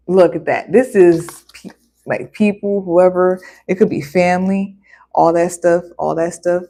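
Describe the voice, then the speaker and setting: A woman giving a casual tarot card reading, chatty and animated, breaking into exclamations and playful voices. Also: on the low side.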